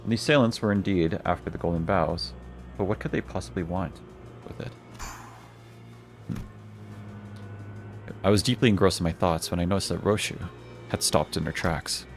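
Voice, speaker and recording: A man's voice: deep voice, normal speed, pauses often, soft background music. A male streamer reading a game's story text aloud, often restarting words he stumbles on.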